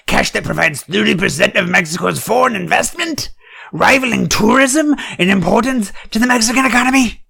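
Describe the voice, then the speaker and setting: A man reading a political text in a mock-serious way, with sarcastic ranting asides and sudden shouted outbursts. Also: high voice, brisk, gravelly, husky, no echo. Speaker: satirical commentator.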